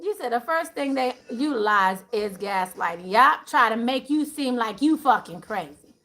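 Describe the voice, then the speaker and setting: A woman's voice: a little high, animated, moderate pace, a bit bright. A woman hosting a livestream talk to viewers, emphatic and profane, laughing often as she preaches. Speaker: spiritual channel host.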